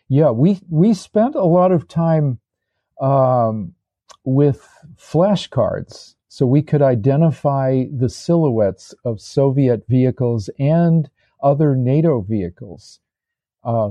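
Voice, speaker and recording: Older man, dark mellow voice, rambling. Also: medium pitch, no room sound. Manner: rambling, frequent restarts and fillers. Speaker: guest, former tank commander. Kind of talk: casual interview storytelling.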